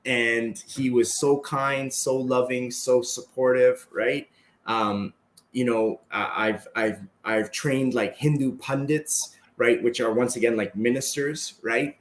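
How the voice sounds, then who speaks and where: Man, podcast guest, casual storytelling, acts out dialogue, middle pitch. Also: slow pace. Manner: animated, acts out quoted dialogue, frequent "right?". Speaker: podcast guest, martial arts instructor.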